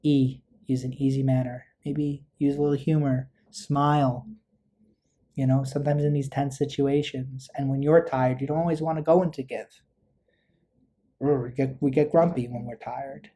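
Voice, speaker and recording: A man leads a parenting workshop in a relaxed, conversational way. His voice is warm and dark, with a flat, even delivery that rarely rises, and he slips into short example lines a parent might say. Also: medium pitch, normal speed. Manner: conversational, acts out parent lines with small asides. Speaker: therapist teaching a parenting workshop. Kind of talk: relaxed instructional talk.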